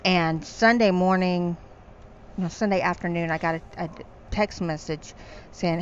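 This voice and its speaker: A chatty woman talks her way through stories on a live podcast, laughing often. Her voice sits a little low. The recording is dull and lo-fi, with a faint hiss behind her. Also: steady tone, unhurried. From North Carolina, USA. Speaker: podcast co-host and voice narrator. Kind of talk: casual chat on a live stream. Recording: dull lo-fi sound with faint noise.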